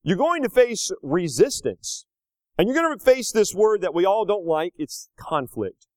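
A man in his thirties preaching a sermon, rising to loud, slow emphatic lines and dropping to quiet, casual asides. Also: sing-song, dry recording. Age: 30s. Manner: swings between loud emphatic peaks and low conversational asides; slows down hard on key phrases.

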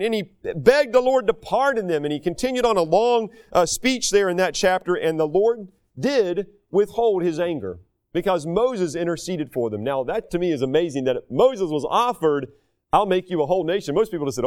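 A middle-aged American man preaching a sermon in a folksy, animated way, raising his voice for quoted speech. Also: high voice, normal speed. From United States.

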